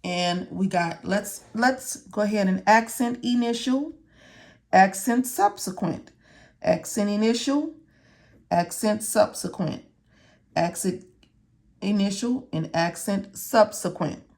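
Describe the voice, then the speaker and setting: Slow-talking woman teaching medical coding. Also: mid-range voice, vocal fry, darkish tone. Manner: repeats "okay?" and "all right?" to check in. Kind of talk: casual step-by-step tutorial.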